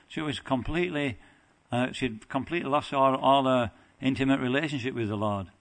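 Halting man giving a devotional lecture. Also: medium pitch. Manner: halting, with frequent restarts and self-corrections. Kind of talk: devotional lecture with scripture reading.

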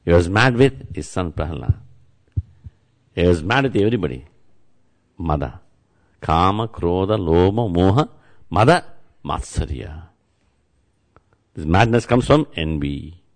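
A man's voice: deep voice, expressive, measured pace, long pauses. A man giving a devotional sermon as a spiritual teacher, repeating words and chants and speaking straight to his listeners. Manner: repetitive, chant-like, addresses listeners directly.

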